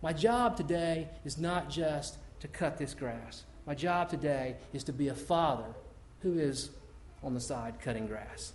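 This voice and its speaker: A man's voice: on the high side, lively intonation, measured pace, a little hiss or hum. A middle-aged man preaching a conversational sermon to his congregation, often repeating and restarting words as he goes. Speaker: pastor.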